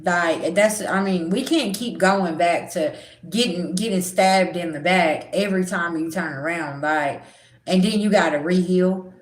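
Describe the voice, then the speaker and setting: A woman's voice: on the low side, measured pace, roomy sound. A middle-aged woman, a spiritual reader, talking bluntly and animatedly in a casual livestream chat, swearing freely.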